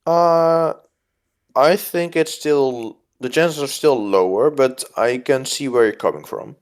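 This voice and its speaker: Brief: male co-host, smooth clear voice, relaxed and teasing, casual banter. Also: mid-range voice, takes it slowly. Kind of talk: casual game commentary.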